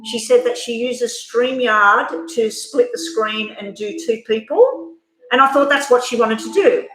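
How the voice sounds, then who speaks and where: A woman's voice: a little high, a little slow, fairly bright tone. A woman hosting a live tarot reading stream, chatting candidly and emotionally to her viewers. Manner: addresses viewers directly. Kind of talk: casual live-stream chat and card reading. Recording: echoey room.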